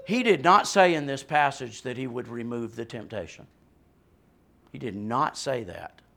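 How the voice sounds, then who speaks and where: A man's voice: fairly high pitch, fairly bright tone. A male pastor preaching a sermon with passion and emphasis, often adding a questioning "right?" and laughing lightly between points.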